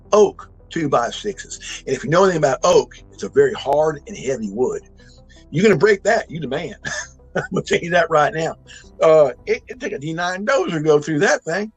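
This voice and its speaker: A man's voice: mid-range voice, husky, poor audio. A man, telling a true encounter in a folksy, rambling way full of restarts and emphatic bursts. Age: 60s. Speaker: eyewitness storyteller. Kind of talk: casual spoken storytelling.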